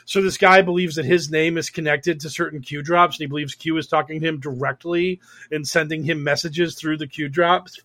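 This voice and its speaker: High-pitched young man, podcast host, sarcastic, swears a lot, stammers and restarts, fired up. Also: steady tone, fairly quick, pushed and bright. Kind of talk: casual political podcast rant.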